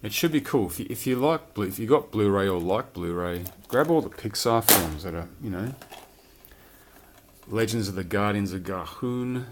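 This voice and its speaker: With lively intonation and a normal speaking speed, a lowish-voiced man shows off his film collection. The casual, rambling chat includes some swearing, and there's slight background noise.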